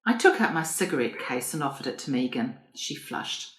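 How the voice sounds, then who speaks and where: A woman narrating an audiobook in a composed, even storytelling manner. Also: very deep voice, normal speed. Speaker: reader. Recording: roomy echo.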